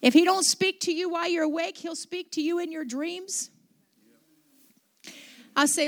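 A woman's voice: extremely high pitch, steady tone, normal speed, long pauses. A middle-aged woman pastor telling a story in a conversational sermon, with restarts and asides.

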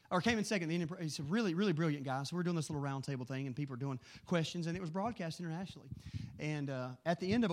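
A middle-aged man preaching a sermon, telling animated stories in a quick, excitable way. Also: a little high. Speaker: pastor.

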